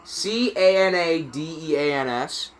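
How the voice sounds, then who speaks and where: A man giving live play-by-play reaction commentary on a hockey game, excitable and getting loud on penalties, with chatty asides between plays. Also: a little high, a little slow. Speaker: streamer calling the game.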